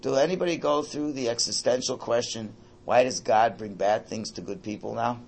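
An older man teaching a religious class to a room, lively and animated, often checking in with his listeners. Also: mid-range voice, moderate pace, slight background noise. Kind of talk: lecture to a class.

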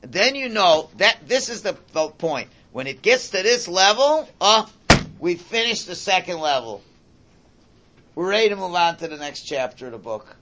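A man with a somewhat raised pitch teaches a religious class. His delivery is animated and swings from loud exclamations to quiet, low asides. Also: moderate pace, a little hiss or hum. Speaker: Torah teacher.

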